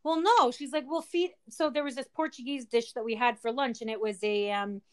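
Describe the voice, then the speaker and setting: A woman chatting casually, telling an animated story and swearing freely. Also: a little high, fairly quick, smooth. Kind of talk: casual chat.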